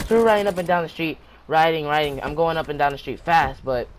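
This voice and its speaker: Higher-voiced man rambling through a story. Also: a little hiss or hum. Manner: rambling, breathless retelling with restarts. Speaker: channel host. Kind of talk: story time vlog.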